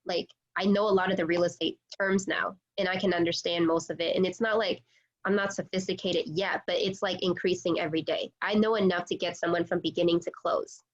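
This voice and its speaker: A woman's voice: lowish voice, steady tone, brisk. Chatty woman on a dull video call. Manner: chatty, many fillers like "like" and "you know". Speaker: real estate agent. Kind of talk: casual video call chat.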